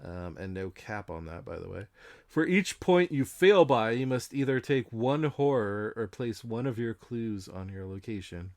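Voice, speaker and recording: A man's voice: on the low side, moderate pace, hardly any pauses, a little mellow, no room sound, studio quality. A man co-hosting a podcast, talking casually about a card game in a hesitant way with many ums and small laughs. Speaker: podcast co-host.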